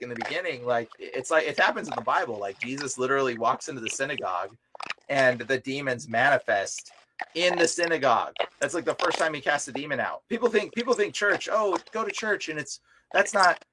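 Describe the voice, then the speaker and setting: A young man chatting casually on a podcast as a deliverance minister, telling animated stories full of filler words. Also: mid-range voice. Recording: noisy live recording with clicks.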